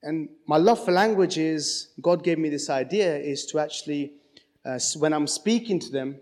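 A man giving a casual church talk, telling stories and encouraging his listeners, with many restarts. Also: medium pitch. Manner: chatty, storytelling, many restarts. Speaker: church speaker. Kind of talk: casual sermon talk with anecdotes. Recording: long hall reverb.

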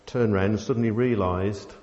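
A man preaching a sermon, telling a family story with many pauses and fillers. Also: lowish voice, darkish tone. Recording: dull sound in a long-reverb hall.

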